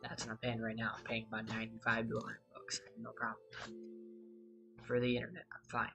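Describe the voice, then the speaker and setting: A man's voice: medium pitch, monotone, quick pace, vocal fry, music in the background. A man hosting a gaming channel, chatting casually and rambling through a story over his gameplay, losing his thread and swearing freely.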